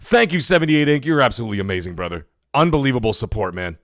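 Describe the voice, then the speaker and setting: A man's voice: medium pitch, racing, noisy background. A man hosting a gaming livestream, energetically reading out and reacting to chat messages. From Canada. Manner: energetic, hyped, reads chat messages aloud. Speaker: livestream host.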